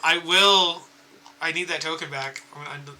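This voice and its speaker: A man running a tabletop game as dungeon master, laughing often and making quick rulings. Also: fairly high pitch, steady tone, noisy background.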